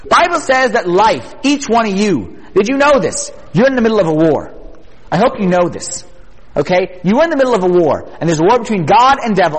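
High-voiced man preaching in a reverberant hall. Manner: energetic, conversational, asks the audience questions. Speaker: youth retreat speaker. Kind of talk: youth sermon.

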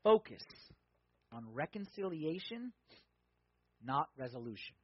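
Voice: mid-range voice, very animated, a little slow, breathy edge, no room sound. A pastor preaching a sermon with emphatic repetition and rhetorical questions, on a slightly dull, dry recording. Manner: emphatic, repeating key words, rhetorical questions.

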